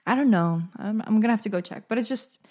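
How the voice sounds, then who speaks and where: Young woman, solo podcast host, chatty, jokey, laughs often, average pitch. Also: fast, mellow. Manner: chatty and self-amused, laughs at own jokes. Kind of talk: casual solo podcast monologue.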